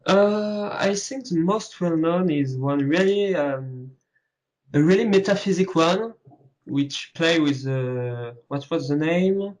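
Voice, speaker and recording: A man's voice: fairly high pitch, slow, a little mellow, rough recording. A man from France with a French accent, guesting on an interview, searching for English words. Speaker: guest artist. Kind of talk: casual interview chat.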